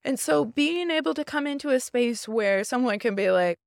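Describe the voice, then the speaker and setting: An animated woman guest whose voice has a gravelly edge. She talks upbeat and fast, checking in with the listener as she goes. The sound is dry and close. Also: high-pitched, no room sound. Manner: upbeat, animated, lots of "right?". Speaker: therapist guest. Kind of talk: conversational interview.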